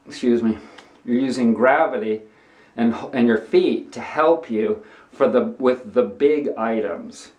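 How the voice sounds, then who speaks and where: A man with a mid-range, slightly mellow voice speaks slowly, far from the mic, while demonstrating hand-washing clothes in a bathtub. It's a casual how-to vlog full of rambling, preaching, and restarts, with bathroom echo and running water.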